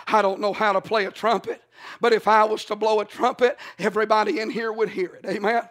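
A man's voice: high-pitched, level tone, brisk, fairly bright tone. A man preaching a sermon in a rhythmic, emphatic way, often adding "uh" and "amen" between phrases.

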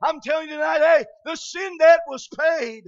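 High-voiced shouting preacher from Michigan. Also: male voice, moderate pace, gravelly. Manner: shouted, impassioned preaching with frequent "uh" fillers. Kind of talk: revival sermon. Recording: dull lo-fi recording.

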